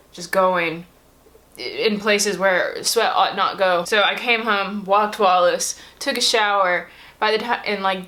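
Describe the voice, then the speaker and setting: A woman's voice: mid-range voice, a bit bright. A woman in her twenties chatting casually at home while she gets ready, rambling with lots of fillers into a camera-mounted mic. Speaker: beauty vlogger. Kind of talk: casual get-ready-with-me chat. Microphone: camera-mounted shotgun mic.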